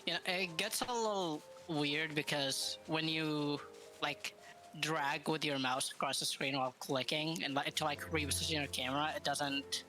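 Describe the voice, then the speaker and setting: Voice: mid-range voice, fairly even intonation, normal speed, pushed and bright, soft background music, rough recording. A guest on a live stream chatting casually with an accent, stammering and laughing shyly. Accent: an accent of their own.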